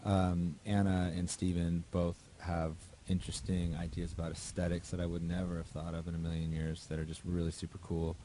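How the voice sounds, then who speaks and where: Male musician guest, lowish voice, loose rambling delivery, light background noise. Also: level tone, a little fast, few pauses, warm tone. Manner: loose, rambling, many fillers. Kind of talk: casual interview talk.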